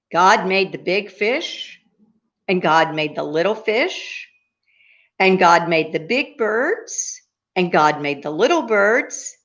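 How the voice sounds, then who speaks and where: Slow gentle lady reading a kids story, bouncy sing-song voice, kinda muffled lo-fi sound. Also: lowish voice. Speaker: children's storyteller.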